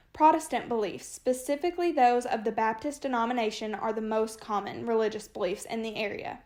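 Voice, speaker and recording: Young woman reading a class presentation. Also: fairly high pitch. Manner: reads a prepared script in even, list-like phrases. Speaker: student presenter. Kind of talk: read-aloud class presentation.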